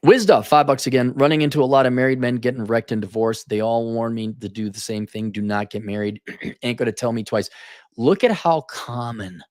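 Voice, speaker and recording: A man's voice: medium pitch, a little fast, dry recording, studio quality. Blunt, profane male livestream host. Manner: blunt, profane, sarcastic, jumps into mocking impressions. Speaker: livestream host reading viewer donations. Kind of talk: casual livestream commentary. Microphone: studio mic in a home room with soundproofing panels.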